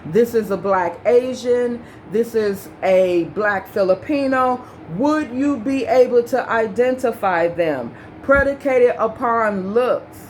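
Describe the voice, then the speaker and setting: Slow, emphatic woman. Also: on the high side, a little hiss or hum. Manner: emphatic, repetitive, rhetorical questions. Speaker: commentary vlogger. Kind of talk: opinion rant to camera.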